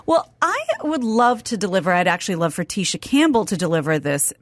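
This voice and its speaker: A woman's voice: fairly low pitch, sing-song, a little fast, dry recording, clean studio sound. A woman from the American Midwest reading and discussing news on a podcast in a conversational, thoughtful way. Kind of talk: casual news chat.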